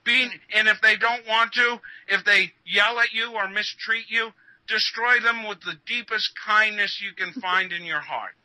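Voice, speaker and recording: A man's voice: high voice, measured pace, bright, forceful tone, dry recording, low-quality recording. A male guest in a casual interview, talking earnestly and preachily, stammering and repeating words.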